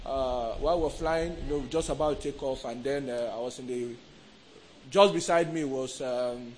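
A man impersonating a showy Nigerian returnee who fakes a foreign accent, drawling through halting fillers. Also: medium pitch, slight background noise, voice pushed down, close to an everyday voice, low-quality recording. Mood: affected.

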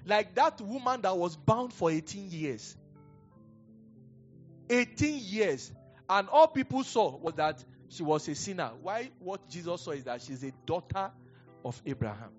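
At a moderate pace and in an animated, high-pitched voice, a middle-aged Nigerian-accented pastor gives a chatty sermon. It wanders through stories, dotted with chuckles, and the audio is dull and lo-fi with faint music.

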